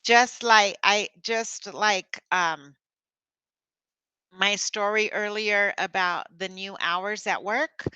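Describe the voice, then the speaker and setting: Middle-aged woman, coaching presenter, bright clear voice, dry close sound, chatty with fillers. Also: medium pitch, no echo. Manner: conversational, with stories and filler words. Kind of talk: online workshop talk.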